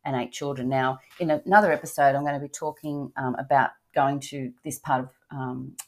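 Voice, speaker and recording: With a very deep voice, a steady tone, and a fairly quick pace, an older woman from Australia hosts a relaxed travel podcast. She keeps things upbeat, frequently using fillers and starting over mid-sentence.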